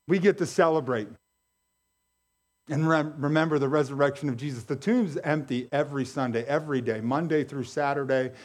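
A male pastor preaching a sermon, animated and emphatic, repeating key phrases for effect. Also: on the high side.

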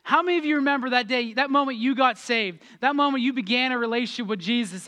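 Man, pastor, sermon, very high voice, bright, energetic, animated. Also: quick pace, few pauses. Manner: energetic, animated, swings between loud excitement and quiet asides.

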